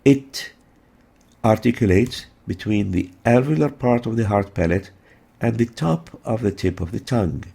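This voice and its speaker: A man's voice: on the low side, moderate pace, vocal fry, dark tone, slightly rough. A man teaching letter pronunciation in a methodical way, repeating each sound several times for practice. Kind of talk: instructional lesson.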